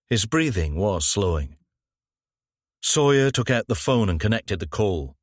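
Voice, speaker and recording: A man narrating an audiobook crime thriller in a measured, even way on a close mic. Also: lowish voice, no room sound. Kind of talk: scripted narration.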